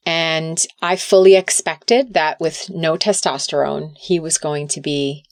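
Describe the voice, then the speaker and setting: A woman's voice: sits low, steady tone, measured pace, no echo, studio quality. A middle-aged woman talking earnestly as a podcast guest, sometimes repeating words as she restarts. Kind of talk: casual interview talk.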